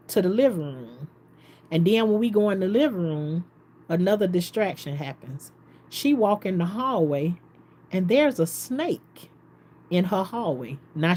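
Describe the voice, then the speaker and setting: Woman telling a story, laughing often. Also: lowish voice. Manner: animated storytelling, laughs often, quotes others. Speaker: vlogger. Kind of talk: casual storytelling.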